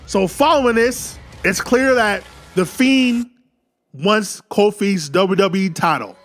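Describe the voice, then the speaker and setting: A man excitedly retelling an imagined wrestling match play by play, calling out the moves and the pin counts. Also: high voice, slow, faint music behind. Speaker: YouTube wrestling commentator.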